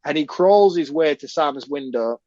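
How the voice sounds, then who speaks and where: A man's voice: on the high side, lively intonation, moderate pace, dark tone, dry recording, lo-fi sound. A man co-hosting a podcast, casually recapping a film scene by scene and acting out the characters' lines. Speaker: podcast co-host. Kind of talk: casual film review chat.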